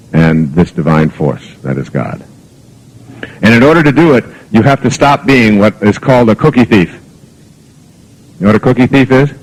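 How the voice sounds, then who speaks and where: Man, very low voice, motivational lecture, anecdotal, reflective, uses fillers. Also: low-quality recording. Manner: rambling anecdotal storytelling with fillers. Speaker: motivational speaker. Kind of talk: spoken lecture to an audience.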